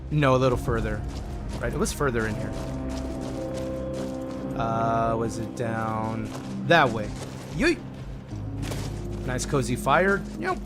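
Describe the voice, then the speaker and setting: A man streaming a modded game, chatting casually with viewers and reading their chat messages aloud. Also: medium pitch.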